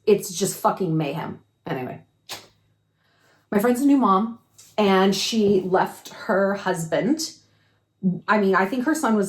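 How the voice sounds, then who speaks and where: A woman giving frank advice in a casual monologue to camera, swearing freely and firing rhetorical questions. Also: medium pitch. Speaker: advice vlogger. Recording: echoey room.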